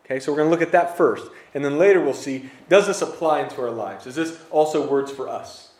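A man's voice: on the high side, brisk, a little mellow. A man preaching a conversational sermon to a congregation in a church, with casual, joking asides to the crowd. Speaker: pastor. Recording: roomy church hall echo.

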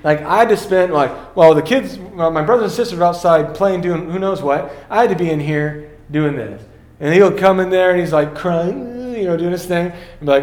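A man's voice: on the high side, animated, a little fast, darkish tone, roomy sound. A man in his thirties giving a casual, story-filled sermon as a pastor and acting out the quotes.

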